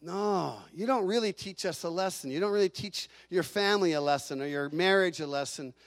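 A middle-aged man preaching a sermon in an animated way, sometimes acting out the voices of the people he quotes. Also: sits high, a little fast, no echo. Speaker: pastor.

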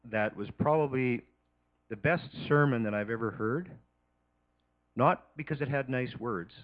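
A man giving an earnest, halting address to a church congregation before communion. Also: medium pitch, highs cut off. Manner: earnest, halting, many restarts. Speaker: church leader leading communion.

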